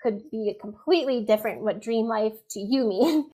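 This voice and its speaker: A woman talks through her advice in a relaxed interview, her voice sitting a little high. She fills her sentences with "like" and "you know", circling back and rephrasing as she goes. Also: moderate pace. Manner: chatty, full of "like" and "you know", animated. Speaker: copywriting guest. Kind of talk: casual interview chat.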